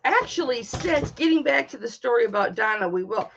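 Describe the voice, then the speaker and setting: A woman's voice: on the high side, lively intonation, fairly quick, creaky, a bit bright, dull audio. A woman in her forties hosting a livestream, telling a heated personal story in a blunt, swearing, casual way. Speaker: livestream host.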